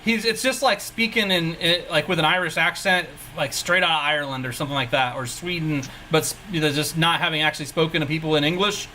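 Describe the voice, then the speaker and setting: Bright, laid-back male game master. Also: a little high, quick pace, hardly any pauses, a little hiss or hum, low-quality recording. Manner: rambling, laid-back, self-mocking. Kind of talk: narrating a tabletop game.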